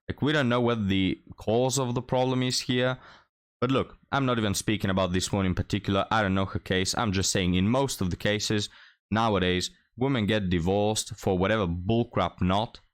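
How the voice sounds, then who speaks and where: A man's voice: fairly low pitch, clear, resonant tone. A man giving casual commentary on a clip, rambling and repeating himself as he talks to his viewers. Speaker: reaction commentator.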